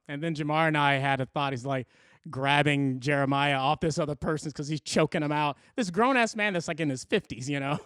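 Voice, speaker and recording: A man on a comedy podcast, telling stories in a relaxed way and quoting what others said. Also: fairly high pitch, fairly quick, clear, resonant tone, dry recording, studio quality. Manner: relaxed storytelling, quotes others. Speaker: comedian guest. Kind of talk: casual podcast chat.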